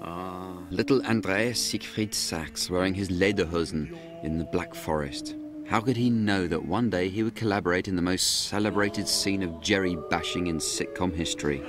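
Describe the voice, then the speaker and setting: A man's voice: low voice, normal speed, noisy background. A man narrating a documentary in a wry, dry scripted tone.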